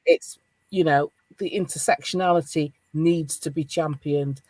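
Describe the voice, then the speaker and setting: A middle-aged woman with a Northern English accent hosting a podcast roundtable over a video call, chatting in a casual, animated way. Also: sits low, measured pace, no room sound. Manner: animated, laughing, encouraging. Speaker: podcast host.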